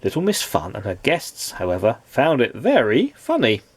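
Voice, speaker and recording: A man reading a children's picture book aloud, lively and expressive, his pitch rising and falling a lot. His voice is a little husky and sounds close and dry. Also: moderate pace, dry recording. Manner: expressive storytelling. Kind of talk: children's storybook read-aloud.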